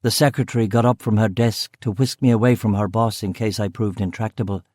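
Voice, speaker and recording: Measured male audiobook narrator, dry. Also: fairly low pitch, fairly even intonation, darkish tone, no room sound. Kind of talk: first-person scripted narration.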